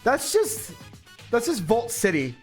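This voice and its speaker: Excitable, swearing male streamer. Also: very high-pitched, slow, faint music behind. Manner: rambling, profane, excitable. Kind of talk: casual livestream chat.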